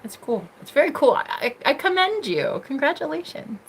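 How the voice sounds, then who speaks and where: Reading comments on her casual stream, the young American host speaks in a high, sing-song voice at a moderate pace. Her bubbly, teasing, giggly style jumps from loud squeals down to murmurs, and slight background noise sits under the recording.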